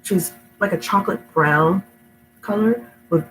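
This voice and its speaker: With a fairly low but somewhat bright voice at a normal speed, a middle-aged woman, clearly sick and stuffy, reads storybooks to children indoors at home. She then chats affectionately and ramblingly, laughing often. The poor audio carries slight background noise.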